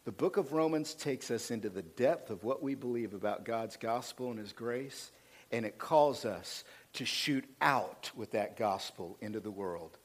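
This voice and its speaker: A male pastor preaching a sermon, swinging from loud emphatic passages to quiet asides, fired up. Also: measured pace. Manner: preaching with rising intensity, dropping low for asides.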